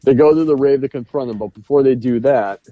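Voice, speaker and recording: A man's voice: medium pitch, fast talker, no room sound, phone-quality sound, soft background music. A man co-hosting a podcast, rambling through movie scenes in casual chat with lots of fillers. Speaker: podcast co-host. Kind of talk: casual film review chat.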